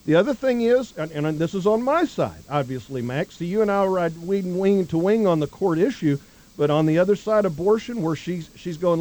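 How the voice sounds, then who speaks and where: Man, high voice, rambling radio guest, trails off. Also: expressive, normal speed, darkish tone. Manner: rambling, restarts a lot, trails off low. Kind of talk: political talk radio.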